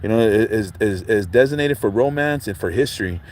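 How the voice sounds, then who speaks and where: A man's voice: fairly low pitch, fairly quick, slight background noise, poor audio. Rambling man. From California. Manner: rambling, animated, full of fillers like "you know what I'm saying". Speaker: livestream host. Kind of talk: casual storytelling livestream. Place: outdoors by a lake at sunset.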